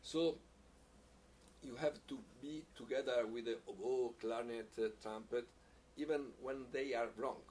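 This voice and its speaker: Halting man teaching piccolo, distant mic. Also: medium pitch, fairly even intonation, darkish tone. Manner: halting, repeats words, non-native phrasing, laughs often. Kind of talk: masterclass teaching, answering questions. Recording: distant mic with faint background hiss.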